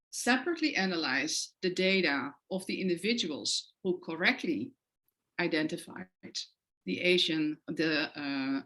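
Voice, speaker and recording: Speaking with a non-native English accent, this woman gives an academic lecture as a guest, describing her research with frequent hesitant fillers. The voice is on the low side and a bit bright, captured in a rough recording.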